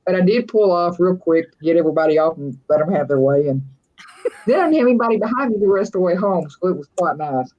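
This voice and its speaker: A woman's voice: fairly low pitch, animated, quick pace, lo-fi sound. A woman from West Texas with a West Texas accent, hosting a casual livestream chat in a chatty, folksy way and laughing often. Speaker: livestream host.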